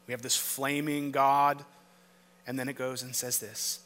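A man preaching a sermon as pastor, with emphatic rhetorical questions, rising loud and then dropping to a hush. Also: mid-range voice, little pitch movement, measured pace. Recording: long reverb of a large hall.

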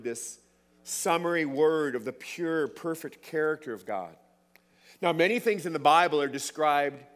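Man preaching in a reverberant hall. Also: a little high. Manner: emphatic, repeats words for stress. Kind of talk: sermon.

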